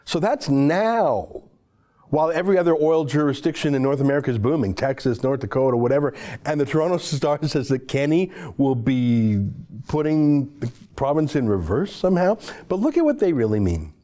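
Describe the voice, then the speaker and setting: A male commentator delivering a sarcastic opinion monologue, speaking a little higher than most men. His pitch swings widely as he mocks and exclaims. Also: normal speed. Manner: sarcastic, mocking, animated. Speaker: political commentator.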